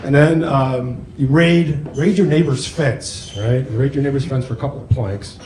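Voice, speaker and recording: A middle-aged man doing a stand-up routine on a comedy club stage, halting and self-deprecating, with many fillers. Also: mid-range voice, darkish tone. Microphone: handheld mic. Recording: echoey club with room noise.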